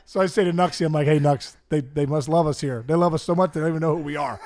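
A middle-aged man telling stories in a casual chat, animated, acting out the people in them and laughing often. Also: on the high side, fast talker. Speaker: guest storyteller. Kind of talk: casual storytelling.

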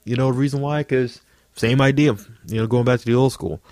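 Fast-talking profane man telling stories. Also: medium pitch, steady tone, darkish tone, no echo, studio quality. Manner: fast, profane storytelling, lots of fillers. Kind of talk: casual chat.

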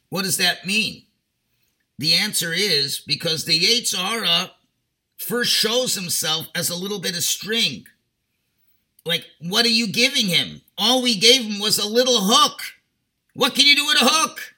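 A man, a rabbi, giving a sermon and telling a parable in an animated way. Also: fairly high pitch, unhurried. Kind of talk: sermon with storytelling.

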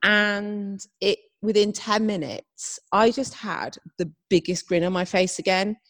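A woman's voice: medium pitch, a little slow, no echo. A young woman chatting casually as podcast co-host, telling stories with lots of acted-out quotes. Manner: animated storytelling, acts out quotes. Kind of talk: casual chat.

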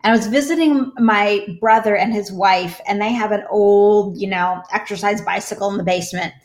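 A woman's voice: mid-range voice, normal speed. A middle-aged woman, a podcast guest, speaking earnestly and with emotion about her personal struggles. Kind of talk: candid conversational interview.

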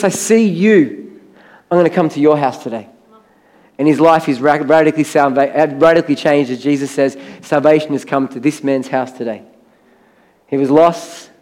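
A high-pitched man preaches from a church stage. He tells Bible stories with animation and acts out the voices of the characters. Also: darkish tone. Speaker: pastor. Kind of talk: sermon.

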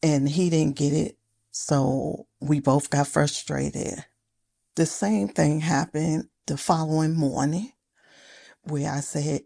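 A woman's voice: low-pitched, slow, creaky, dark tone. A woman, a mother, telling a family story in a plain, matter-of-fact voice memo. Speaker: listener sending a voice memo. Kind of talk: recorded personal story.

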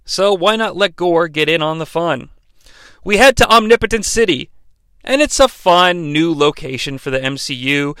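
A man's voice: on the high side, animated, normal speed, a bit bright, clear, resonant tone, no echo. A man giving a casual, profane and rambling spoken movie review, full of restarts and asides. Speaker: film reviewer.

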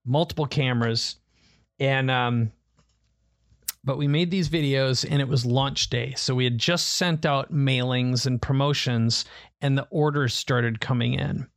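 A middle-aged man telling a personal story in casual chat, lively, acting out the voices of the people in it. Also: medium pitch, measured pace, no room sound, clean studio sound. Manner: animated storyteller, acts out quoted family voices. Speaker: podcast co-host.

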